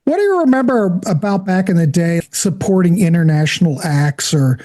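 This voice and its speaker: A woman's voice: lowish voice, expressive, normal speed, dark tone. A woman co-hosting a casual music interview, supportive and sometimes searching for words. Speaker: co-host, interviewer.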